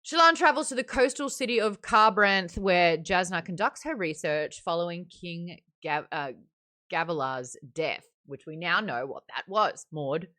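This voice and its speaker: Brief: chatty female book club host, low-ish voice, bright tone. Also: measured pace. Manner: chatty, animated, laughs often. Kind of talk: casual book discussion.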